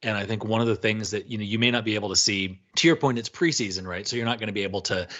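A man with a low, slightly husky voice co-hosts a podcast. He talks through questions analytically, with a relaxed conversational manner. He keeps tagging rhetorical questions onto his points. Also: rapid-fire. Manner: analytical, asks rhetorical "right?". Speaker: podcast co-host. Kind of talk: casual chat.

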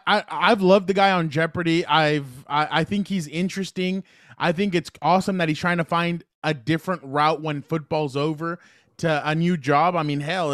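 Casual sports co-host man, slightly high voice, dry close sound, rambling storyteller. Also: fairly bright tone, dry recording. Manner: rambling, many restarts, retells stories with quoted voices.

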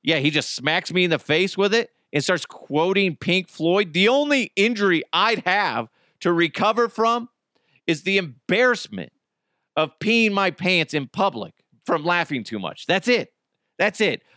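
A man hosts a podcast full of casual, comedic takes on odd news, swearing, joking, and ranting with energy. His voice sits high and he speaks a little slowly, captured dry in clean studio sound.

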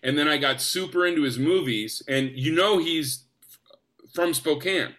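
Young guy excitedly telling showbiz stories, bright voice, sits kinda high. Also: unhurried. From United States. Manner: enthusiastic, animated. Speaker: actor guest. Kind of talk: casual storytelling.

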